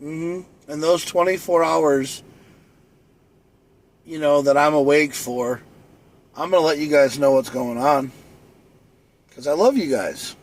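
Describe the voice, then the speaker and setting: A man's voice: a little high, slow pace, pauses often. A man rambling and joking alone on a late-night live stream, in a boastful, easygoing way.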